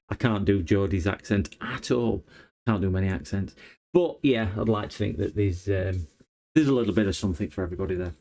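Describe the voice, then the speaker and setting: A man's voice: lowish voice, a little fast, a little mellow. A man chatting casually on a repair livestream, rambling and hesitant with many fillers. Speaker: electronics repair streamer.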